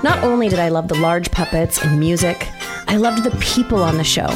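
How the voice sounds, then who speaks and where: A woman host narrates a scripted introduction in a heartfelt, nostalgic way. Loud music plays under her voice throughout. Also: lowish voice, brisk.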